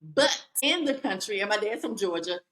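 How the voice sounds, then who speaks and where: A woman's voice: mid-range voice, expressive, moderate pace, fairly bright tone. A woman from rural Virginia hosting a podcast, folksy and playful, often turning to talk straight to her listeners. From Lawrenceville, Virginia, US. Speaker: podcast host. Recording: echoey room.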